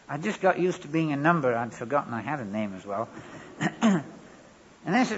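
A man's voice: on the high side, big pitch swings, normal speed, long pauses, slightly rough. A man preaching a sermon and telling a wry, humorous story from his past. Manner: wry humorous anecdotal delivery. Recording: dull lo-fi recording.

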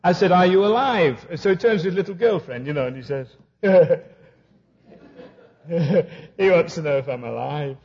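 A man's voice: on the high side, animated, unhurried, long pauses, a little mellow. A man preaching a humorous sermon who tells stories and acts out both sides of conversations. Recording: dull lo-fi recording.

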